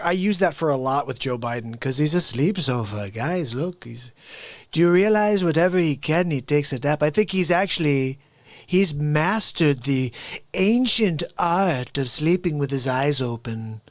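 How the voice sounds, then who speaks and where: An energetic man hosting a live comedy stream, ranting and cracking jokes between bits. His voice sits fairly high, and the close microphone makes it sound dry and upfront. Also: unhurried, no echo. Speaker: livestream host. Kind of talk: live comedy talk show.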